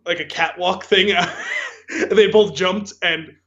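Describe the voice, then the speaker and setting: A man's voice: high voice, steady tone, slow, fairly bright tone, lo-fi sound. A man co-hosting a casual podcast, telling stories in a rambling way full of "like" and "um". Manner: rambling, filler-heavy storytelling with frequent "like" and "um". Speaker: podcast co-host.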